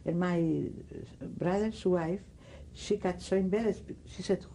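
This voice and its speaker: Older Greek woman, dark hushed voice. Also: on the low side, fairly even intonation, a little hiss or hum, low-quality recording. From Greece. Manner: halting, searching for words, many restarts. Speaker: interviewee. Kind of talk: oral history testimony.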